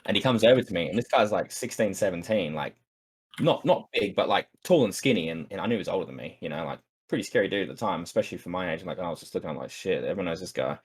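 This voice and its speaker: Fast-talking husky Australian man. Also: low voice, lively intonation. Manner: rambling, swears freely, many fillers. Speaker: podcast guest. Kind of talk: casual storytelling.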